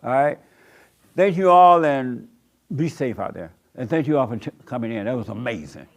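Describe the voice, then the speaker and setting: A man's voice: mid-range voice, expressive, moderate pace, vocal fry. A man preaching a sermon in a church room, blunt and repetitive, with rhetorical questions. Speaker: pastor.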